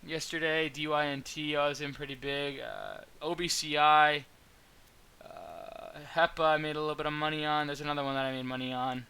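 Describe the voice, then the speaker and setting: A young man with a bright, smooth, clear voice, pitched a little above the usual for a man. He talks his viewers through his trades casually, rambling with plenty of fillers and restarts. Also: lively intonation, normal speed. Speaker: stock trading mentor.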